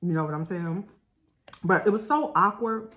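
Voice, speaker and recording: Chatty woman vlogger, lowish voice. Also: normal speed. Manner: animated, chatty, addresses viewers as y'all. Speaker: mukbang vlogger. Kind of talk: casual storytelling while eating.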